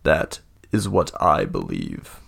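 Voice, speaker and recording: A man voicing a big, scheming older lord with one good eye who speaks in slow, grandiose speeches and laughs deep and booming. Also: sing-song, gravelly, a bit bright, breathy edge, dry recording, full character voice. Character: imposing older male lord, scheming, one-eyed mentor. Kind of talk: tabletop role-play narration.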